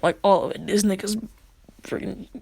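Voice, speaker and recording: A woman casually retelling a fan story in a rambling way, with fillers and hushed asides. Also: mid-range voice, measured pace, gravelly, no echo.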